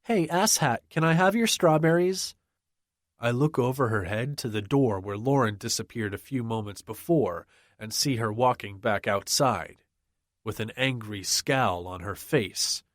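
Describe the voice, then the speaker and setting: A man narrating a first-person romance audiobook in a measured, even manner. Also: fairly low pitch, no echo, studio quality.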